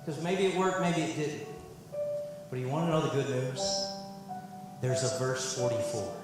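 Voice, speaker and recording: A pastor giving a sermon, an excitable man whose voice jumps high when he is moved. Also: normal speed. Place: church sanctuary. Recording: echoey church sanctuary with music. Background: band playing.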